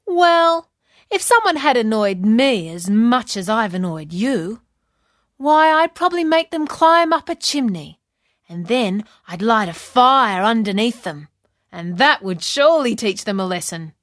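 A clever, cheeky storybook girl with a high, bright voice, as a woman puts her on. Her lines come slow and clear, with a dry, close sound. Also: very animated, dry recording. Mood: scheming. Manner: high, bright and quick-witted.

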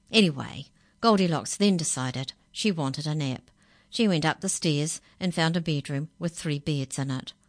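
A woman reading a children's story aloud in a gentle, patient way. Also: sits low, dry recording.

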